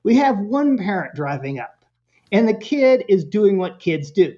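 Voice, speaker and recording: A man speaking as a guest parenting expert in a casual interview, telling animated stories with jokes and little acted-out voices. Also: high voice, moderate pace, dull audio. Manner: animated storyteller, acts out voices, jokey.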